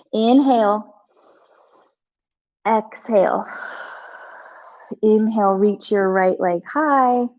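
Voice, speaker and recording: A woman instructor leading a live yoga flow, giving calm breath cues with chatty asides, a little out of breath. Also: a little high, dull audio. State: slightly out of breath. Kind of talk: live yoga class cueing.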